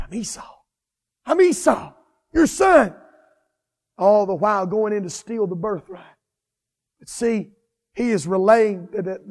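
A man preaching a sermon with fervent, repetitive cadences that swell into shouts. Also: high voice, in a large hall.

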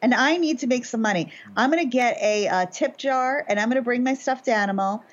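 A woman in her forties co-hosting a local talk show, playful and self-mocking with quick asides. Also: fairly high pitch. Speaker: podcast co-host. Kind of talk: casual chat. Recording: slightly dull lo-fi audio.

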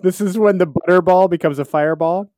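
A man co-hosting a podcast in casual comedic chat, giving quick reactions and laughing often. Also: high voice, a little mellow, no echo. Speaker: podcast co-host.

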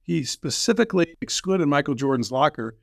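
A man hosting an interview podcast, speaking reflectively with many pauses and "um"s. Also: fairly high pitch, lively intonation, gravelly, fairly bright tone, no echo, clean studio sound. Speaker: podcast host. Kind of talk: conversational interview.

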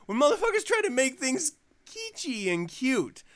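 A man's voice: extremely high pitch, wildly swooping pitch, moderate pace, a bit bright. A man hosting a podcast in casual chat, ranting profanely and laughing often. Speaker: podcast host.

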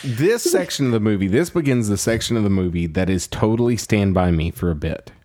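A man's voice: animated, fairly quick, mellow. Laughing man co-hosting a film podcast. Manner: laughs often, acts out film characters in a high voice. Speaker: podcast co-host. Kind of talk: casual film review chat.

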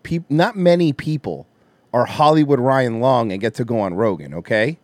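A man's voice: mid-range voice, expressive, moderate pace, darkish tone, dry recording. A man hosting a podcast, giving his opinions in a casual, wry way with many restarts. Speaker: podcast host. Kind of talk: casual commentary chat.

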